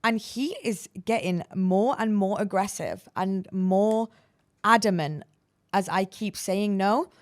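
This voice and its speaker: A woman's voice: medium pitch, slow pace, dry recording. British woman, podcast guest, casual rambling story, lots of fillers, dry close sound. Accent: British English. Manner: rambling, filler-heavy, animated retelling.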